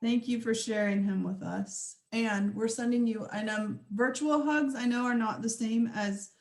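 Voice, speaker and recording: Gentle woman hosting a video call. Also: a little high, unhurried. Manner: gentle, encouraging. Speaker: host. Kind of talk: warm group video chat. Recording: echoey room on video call.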